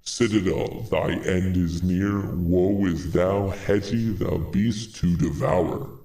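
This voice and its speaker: A man putting on a slow, ominous doom-prophet voice. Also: low voice, fairly even intonation, gravelly, dark tone, roomy sound, recorded from a distance, pitched below the performer's own voice, heavily acted. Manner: slow, solemn, archaic proclamations. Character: ominous doom-prophet villain voice, male adult.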